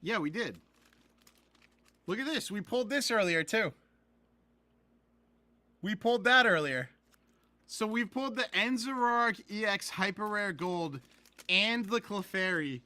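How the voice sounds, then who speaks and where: A young man hosting a live card-pack opening stream, talking to chat from a laptop mic and bursting into laughs and shouts. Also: high voice, expressive, a little slow, pauses often, no room sound. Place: indoors at a computer. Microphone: laptop camera mic.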